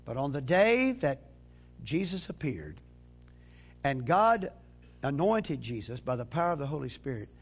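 A man preaching a sermon with emphasis, often repeating words and restarting phrases, and sometimes dropping to a low, quiet delivery. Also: sing-song, a little slow, pauses often, dull audio.

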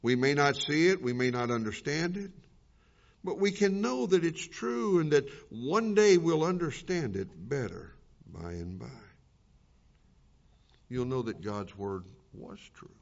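A man preaching a sermon in a fairly high voice, telling a story with big swings between loud and hushed passages. The recording is dull and lo-fi. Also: animated, a little slow.

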